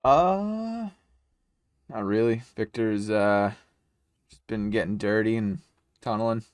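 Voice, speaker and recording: A man's voice: lowish voice, slow, clear, resonant tone, no echo, clean studio sound. A man taking part as a player in a tabletop game, making offhand remarks. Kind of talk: casual tabletop play.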